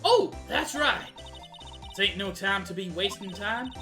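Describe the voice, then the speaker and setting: A woman's voice: mid-range voice, animated, measured pace, faint music behind. A woman voicing a brash young female paranormal photographer with a put-on American Southern drawl. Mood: brassy. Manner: loud, brassy, exaggerated drawl.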